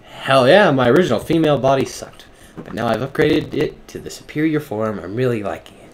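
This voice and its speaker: A man's voice: mid-range voice, lively intonation, fairly quick, close to an everyday voice. A man reading the lines of a vain young woman, smug and self-satisfied about her looks.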